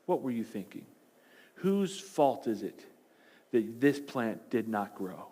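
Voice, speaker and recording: A male pastor voicing a stern emperor in a told parable, speaking lower and more slowly. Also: big pitch swings, mellow, husky, heavily acted.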